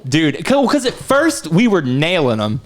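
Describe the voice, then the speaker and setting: A man's voice: fairly high pitch, huge pitch swings, unhurried, crowd noise. A young man co-hosting a podcast, chatting casually with a friend, swearing and joking around. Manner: swearing, jokey, drops into silly voices. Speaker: podcast co-host. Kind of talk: casual chat.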